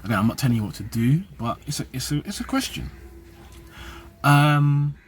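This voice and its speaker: A man's voice: mid-range voice, big pitch swings, moderate pace, slight background noise. A young man from the UK and Nigeria, talking casually and animatedly to camera in street slang. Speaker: vlogger. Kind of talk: casual vlog monologue.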